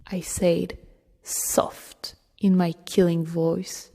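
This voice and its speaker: A woman narrates an audiobook in a slow, deliberate way, her voice sitting a little low. A long reverb from the room trails after each phrase. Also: fairly even intonation, a little mellow. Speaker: audiobook reader.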